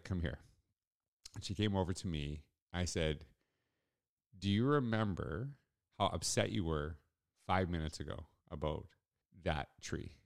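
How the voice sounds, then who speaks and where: A man's voice: deep voice, gravelly. A middle-aged man hosting a solo podcast, telling a personal story in a casual, rambling way with restarts. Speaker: podcast host.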